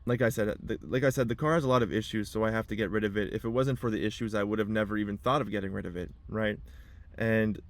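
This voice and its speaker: A man's voice: lowish voice, fast talker. A young man talking to camera from inside his car in a rambling personal vlog, repeating himself and holding back tears. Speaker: vlogger.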